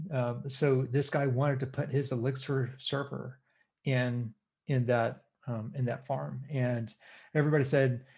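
A man co-hosting a podcast who tells a story in a rambling way, full of "um"s and restarts. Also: medium pitch. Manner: rambling, many "um"s, animated.

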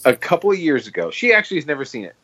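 A young adult man co-hosting a podcast, telling a story in a lively casual chat and swearing freely. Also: a little high, very fast, noisy background. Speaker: podcast co-host.

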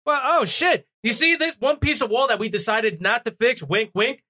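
Bright, animated man on a podcast. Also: very high-pitched, fairly quick. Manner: animated, sarcastic, swears. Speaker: podcast co-host. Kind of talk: casual political podcast talk.

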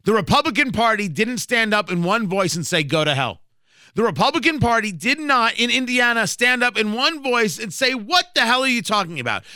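A man's voice: high-pitched, pushed and bright, dry recording. Male talk-radio host, combative and emphatic, piercing tone, dead-dry studio sound. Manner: combative, emphatic, sarcastic asides. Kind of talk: opinionated political commentary.

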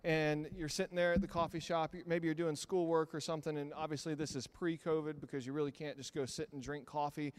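High-voiced man preaching in a hall. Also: quick pace, hardly any pauses, smooth. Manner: conversational, animated storytelling. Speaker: pastor. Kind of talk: sermon.

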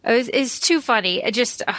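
High, bright-voiced woman podcaster. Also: expressive, fairly quick, no room sound, clean studio sound. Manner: easygoing, wry, repeats phrases. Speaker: podcast co-host. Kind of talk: casual book discussion.

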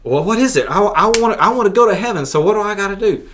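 A man voicing an excited rich young man who is sure of himself and then pleading. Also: sits high, very fast, a little hiss or hum, voice pushed up. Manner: breathless, boastful.

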